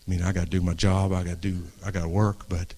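A middle-aged man preaching an impassioned sermon to a congregation, dropping to a hush and then rising, often restarting phrases. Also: low-pitched, level tone, quick pace. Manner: earnest, swings from hushed to raised, restarts phrases. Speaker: pastor. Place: church before a congregation.

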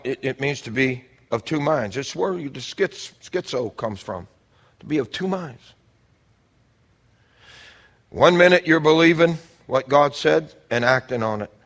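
A man preaching a sermon, moving from calm scripture reading to loud, shouted exhortation, repeating phrases for emphasis. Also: medium pitch. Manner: swings from quiet teaching to loud shouted exhortation.

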